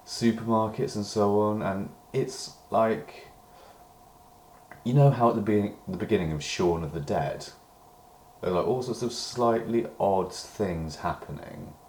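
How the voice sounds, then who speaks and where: A man's voice: on the low side, a little mellow, reverberant, a little hiss or hum. A British man in a rambling personal diary monologue, meandering and hedging, swearing when he gets worked up. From Britain. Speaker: diary vlogger.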